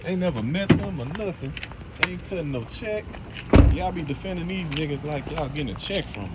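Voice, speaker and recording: A man's voice: a little high, animated, fairly quick, reverberant, very noisy. A man ranting casually to his viewers in a blunt, profane, exasperated way. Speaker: vlogger. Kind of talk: casual rant to camera.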